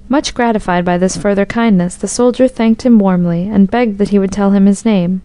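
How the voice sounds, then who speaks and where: A woman narrates a storybook tale in a steady, even-paced way. Her voice is warm and mellow with a smooth, clear tone. The recording is close and dry. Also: medium pitch, moderate pace, few pauses, no echo.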